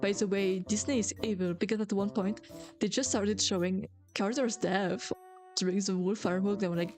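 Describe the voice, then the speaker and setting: A woman's voice: medium pitch, moderate pace, a little mellow, faint music behind. A young adult woman, a native French speaker, chatting casually on a stream, rambling with lots of filler words and giggles. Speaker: VTuber streamer.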